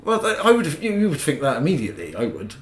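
A man's voice: medium pitch, huge pitch swings, fast talker, reverberant. Bantering man co-hosting. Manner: banter, self-mocking, teasing. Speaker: podcast co-host. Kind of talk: casual chat.

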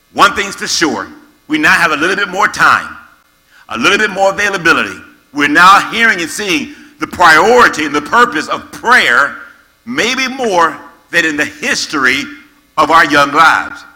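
A man preaching a sermon to young people, reading scripture slowly and repeating key words for emphasis. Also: on the high side, pushed and bright. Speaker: pastor. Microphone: camera-facing, recorded for online viewers.

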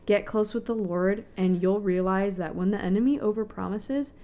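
A woman's voice: mid-range voice, normal speed, mellow, highs cut off. Earnest young woman podcast co-host. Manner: earnest, encouraging, preachy at times. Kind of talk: casual faith podcast chat.

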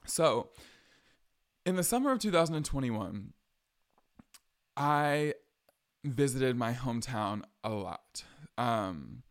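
A young adult man hosting his own podcast, spinning a long personal story in a chatty, sassy voice. His pitch sits in a plain middle range, and he leans on slangy asides as he talks. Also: sing-song, slow, long pauses. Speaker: podcast host. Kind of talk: casual storytelling monologue.

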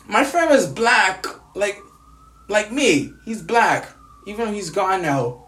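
Grieving, furious man from the US, profane vlog rant with a lively, swinging pitch and stammered restarts; echoey room sound. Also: a little slow. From United States. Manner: angry, profane, stammering repetitions. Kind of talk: angry personal vlog rant.

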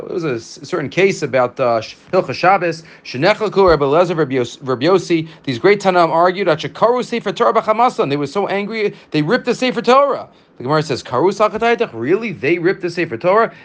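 Man giving a lively Talmud class. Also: high-pitched. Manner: reads Aramaic lines then explains them in English, with many restarts. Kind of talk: casual Talmud lesson.

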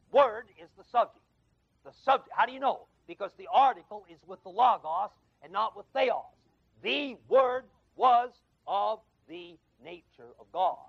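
A man with a high voice and a gravelly edge teaches a Bible class, pressing his points hard and firing questions at the students. The sound is dry and close, on a dull, lo-fi tape from 1979. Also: no room sound. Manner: emphatic, quizzes the class with questions. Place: adult education classroom.

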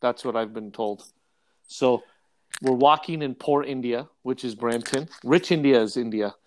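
A young man in casual podcast chat, telling a story with lively acted-out quotes. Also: medium pitch, moderate pace, a little hiss or hum. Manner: animated storyteller, acts out quotes. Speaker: podcast co-host.

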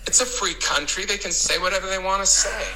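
A man, a church leader, telling an anecdote in a devotional talk, dramatic and animated, acting out the quotes. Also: high-pitched, fast talker, slight background noise, low-quality recording.

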